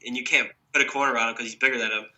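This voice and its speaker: A man's voice: medium pitch, fairly even intonation, racing, pushed and bright. A young man who is ill, co-hosting a casual sports podcast and rambling with lots of restarts. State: sick, may cough. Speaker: podcast co-host.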